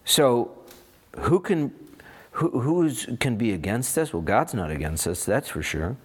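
A man preaching a sermon as pastor, animated and expressive, voicing little asides and firing rhetorical questions. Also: mid-range voice, a little slow, breathy edge.

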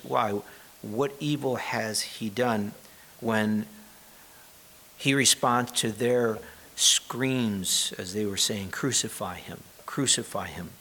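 A man delivering a Bible sermon at a mid-range pitch. He reads the passages aloud and then explains them plainly and conversationally, and now and then he asks his listeners a question. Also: sharp tone. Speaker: preacher.

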